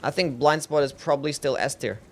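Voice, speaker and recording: A young Australian man with a fairly high voice talks a little fast as he streams a game. He chats casually with viewers, relaxed and mumbly, answering chat questions and often trailing off unsure with "I don't know".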